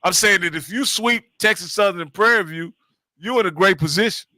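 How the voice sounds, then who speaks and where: A man's voice: high voice, fairly quick, pushed and bright, no room sound. A man hosting a casual sports chat, conversational and emphatic.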